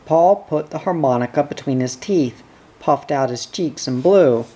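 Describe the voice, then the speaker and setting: A man reading chapters of a novel aloud in a steady, even storytelling delivery. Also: fairly high pitch, measured pace. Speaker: audiobook reader.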